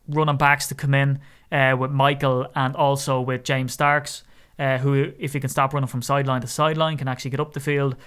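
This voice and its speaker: A man with an Irish accent hosting a sports podcast, chatting casually about his team with wry asides and now and then a mock shout. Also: mid-range voice, clear, resonant tone. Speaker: podcast host.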